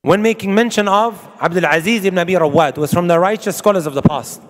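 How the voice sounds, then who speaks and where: In a room with a big sound, a man preaches quickly in a high voice. This Islamic preacher is emphatic before his audience, piling on rhetorical questions and quoting in Arabic.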